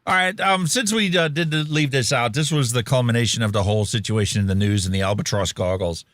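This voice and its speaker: A man's voice: medium pitch, brisk, fairly bright tone, no echo, studio quality. A man co-hosting a casual podcast talk show, rambling with lots of fillers and dad jokes. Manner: jokey, rambling, many fillers. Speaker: podcast co-host.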